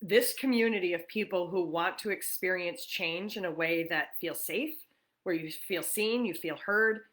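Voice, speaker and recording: A chatty woman from New York hosts a relaxed morning livestream, greeting viewers by name as they arrive. Her voice has a bright, forceful edge, sitting at an ordinary middle pitch. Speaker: livestream host. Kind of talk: casual livestream chat.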